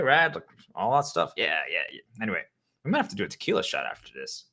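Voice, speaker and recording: A man's voice: fairly low pitch, huge pitch swings, quick pace, sharp tone. A man speaking straight to the listener in a role-play monologue, rambling and joking as if a little tipsy.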